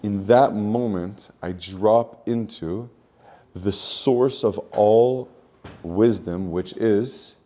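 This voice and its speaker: Male spiritual coach, low and mellow, earnest, repetitive teaching talk. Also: extremely slow. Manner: earnest, repeats phrases, uses Hebrew terms. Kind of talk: teaching monologue.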